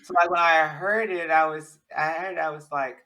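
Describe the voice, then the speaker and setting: A man talking in a casual, animated chat, rambling with many restarts. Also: on the high side, moderate pace, heavy background noise.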